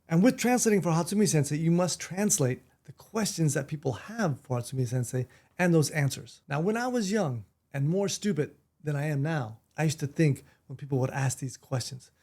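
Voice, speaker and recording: A man's voice: on the high side, expressive, fairly quick, darkish tone. A man in his fifties from Florida, telling stories to camera in a chatty, joking way. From Miami, Florida, USA. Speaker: martial arts teacher and vlogger. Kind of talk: casual storytelling to camera.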